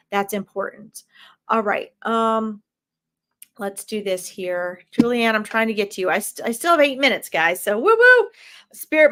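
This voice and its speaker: A woman's voice: mid-range voice, a bit bright. A woman giving live psychic medium readings, talking directly and emphatically, with frequent fillers and "okay?" check-ins.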